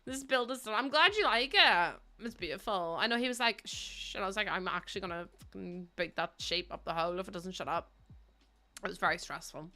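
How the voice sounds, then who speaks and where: A woman's voice: fairly low pitch, lively intonation, fast, sharp tone. A young woman with a Northern Irish accent, chatting casually and telling funny stories while streaming a building game, swearing and laughing often. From Northern Ireland.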